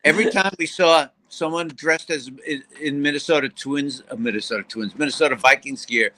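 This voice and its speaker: A man co-hosting a sports call-in show, chatting casually and telling stories with lively impressions of other people. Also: on the high side, a little fast, rough recording. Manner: storytelling with lively mimicry of others. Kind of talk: casual chat.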